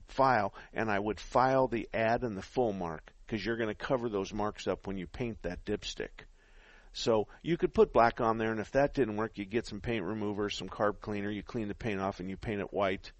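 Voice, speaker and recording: Middle-aged male radio mechanic host, folksy and practical, low and dry, a bit winded on a headset. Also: no room sound. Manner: folksy, practical, explains step by step. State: out of breath. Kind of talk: call-in radio advice. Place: radio studio.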